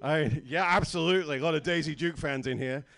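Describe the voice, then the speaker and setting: A man's voice: a little high, brisk, vocal fry, fairly bright tone. A man from Britain with a British accent, performing a stand-up comedy set in a small bar, dry and self-mocking with stammering restarts.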